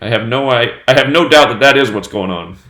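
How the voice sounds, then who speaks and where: A man's voice: mid-range voice, brisk. Man reading out numbers in an echoey room. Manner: steady running reading of dates and number sums. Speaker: host of a numerology news channel. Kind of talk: solo commentary on the news.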